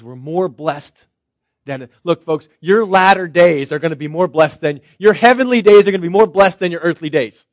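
A man's voice: a little high, no room sound. A man preaching a sermon as pastor, talking in a conversational way and firing off strings of rhetorical questions. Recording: slightly dull, dry recording.

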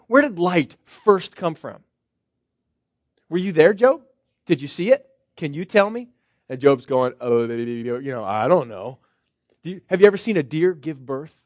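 A man's voice: sits high, dry recording. A man preaching a sermon as pastor, talking in a conversational way and firing off strings of rhetorical questions. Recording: slightly dull, dry recording.

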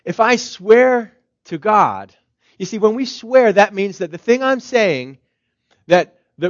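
A male pastor with a notably high voice delivers a sermon in an easy, conversational manner, piling up rhetorical questions. The recording sounds slightly dull and very dry, with no room echo.

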